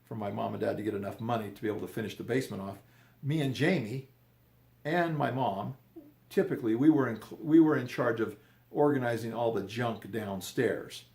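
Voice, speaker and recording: A man's voice: mid-range voice, a little fast, creaky, a little mellow, roomy sound. An older man, telling a family story casually and rambling, often repeating and restarting his words.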